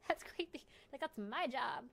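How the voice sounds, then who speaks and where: A grumbling, protective house pet, voiced by a woman speaks bluntly and indignantly about a stranger near its owner. The voice sits slightly high. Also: animated, slow, vocal fry, fairly bright tone, a little hiss or hum, exaggerated voice.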